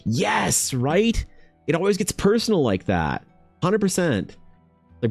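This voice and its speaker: A man who streams and runs tabletop games, chatting casually with his viewers in a rambling, animated and profane way. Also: medium pitch, measured pace, dry recording, soft background music. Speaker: streamer and dungeon master. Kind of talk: casual livestream chat.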